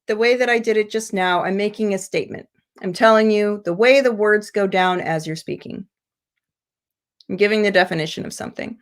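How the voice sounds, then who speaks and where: American teacher lady on a video call, explaining with lots of ums and restarts. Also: on the high side. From United States. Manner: explanatory, with frequent fillers and restarts. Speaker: English teacher. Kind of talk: online seminar lesson.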